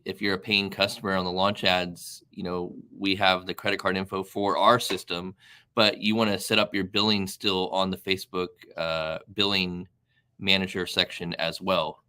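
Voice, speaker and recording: A man with a low but bright, forceful voice answers viewer questions in a live webinar. He talks eagerly and quickly warms up, with plenty of fillers. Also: flat delivery, clear, resonant tone.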